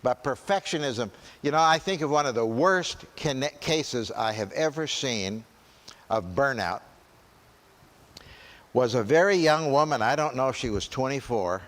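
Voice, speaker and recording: A man's voice: mid-range voice, expressive, unhurried, a bit bright. A man gives a church seminar in a mid-range voice, talking casually and often checking in with "right?" His sentences break off and restart as he goes. The sound carries the long reverb of a large meeting hall. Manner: conversational, often asks "right?", frequent restarts.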